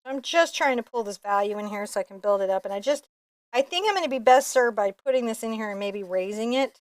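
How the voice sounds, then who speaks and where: A chatty, opinionated middle-aged woman talks through a painting lesson in a casual, animated way. Her voice sits fairly high. The sound is close and dry, with no room echo. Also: fast talker. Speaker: painting instructor.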